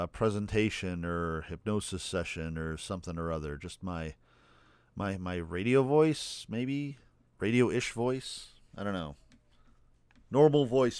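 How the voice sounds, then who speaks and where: A man's voice: lowish voice, clear, resonant tone, no room sound. A man streaming a game, casually commenting and thinking aloud in a joking, self-deprecating way. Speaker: let's play streamer.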